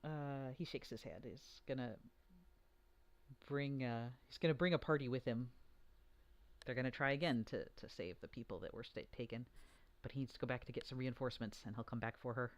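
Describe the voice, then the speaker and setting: A dungeon master narrating a tabletop game live, talking in a halting way with many fillers and restarts. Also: medium pitch.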